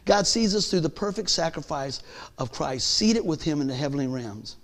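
A man preaching a sermon in a folksy, conversational way, swinging from hushed lines to shouts. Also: a little high, lively intonation, normal speed.

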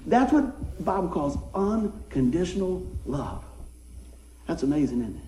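A middle-aged man preaching a folksy sermon, swinging from soft asides to excited shouts. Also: fairly high pitch, a little slow, echoey room, slight background noise, poor audio. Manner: folksy, animated, rises to excited shouts then drops soft. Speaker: pastor. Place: church sanctuary.

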